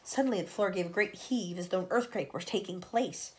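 A woman reading a children's storybook aloud in an expressive way and signing off to young listeners. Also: medium pitch, fairly quick.

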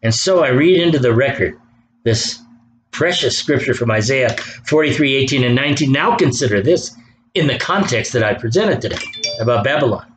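A man's voice: mid-range voice, lively intonation, fairly quick, slight background noise, poor audio. A man preaching an impassioned sermon, reading scripture aloud and pressing his points with rising fervor. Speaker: pastor.

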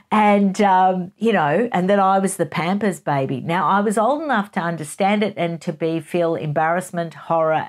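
A middle-aged woman, hosting a casual gossip chat in a playful, giggly way. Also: mid-range voice. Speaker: host.

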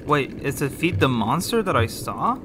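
A man's voice: mid-range voice, very animated, normal speed, background noise. A man giving nervous running commentary while playing a horror game, repeating himself and swearing as he goes. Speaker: gaming YouTuber.

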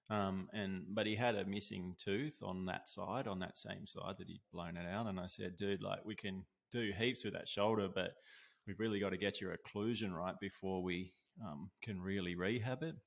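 Laid-back man with a gravelly low voice. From Australia. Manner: laid-back, lots of "dude" and "like", laughs while telling. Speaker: guest, osteopath. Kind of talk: casual storytelling.

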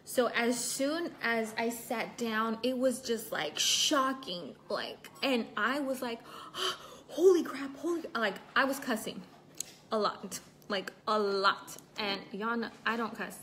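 A young woman hosts a casual livestream from home, her voice a touch high. She talks loosely and keeps breaking off to thank and greet viewers. Faint background noise sits under her voice. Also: slow pace, bright, forceful tone. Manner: chatty, reads viewer comments aloud. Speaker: livestream host. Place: at home indoors.

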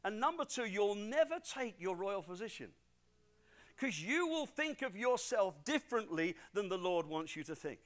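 British pastor guy preaching, high lively voice, goes loud then drops soft for stories. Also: moderate pace. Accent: British English. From Britain. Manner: swings from loud preaching to quiet storytelling; animated, emphatic, repeats for stress. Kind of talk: sermon.

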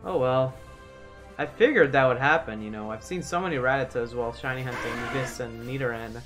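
A young man giving casual gameplay commentary, animated and swearing freely as he talks to the game. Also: medium pitch, brisk, faint music behind. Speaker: gaming YouTuber.

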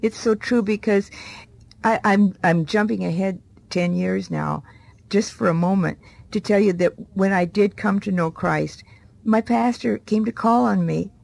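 Interview guest, middle-aged woman, gravelly and husky, vivid storyteller. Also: mid-range voice, a little slow. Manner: lively storyteller acting out quoted voices. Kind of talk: testimony in a TV interview.

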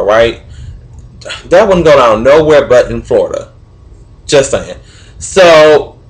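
A young man giving sarcastic, opinionated commentary to camera, swearing freely and asking questions he answers himself. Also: medium pitch. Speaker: vlogger.

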